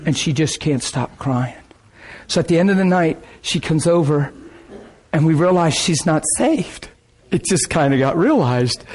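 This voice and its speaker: A man preaching a sermon, telling a testimony story with excitement, laughing often and repeating phrases. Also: fairly high pitch.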